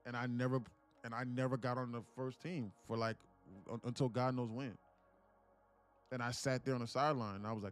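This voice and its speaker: Retelling a story to his live stream chat, this late-twenties day trader is animated, slangy and full of swearing. He speaks at a normal speed in a mid-range voice, pausing often, while soft music plays behind him.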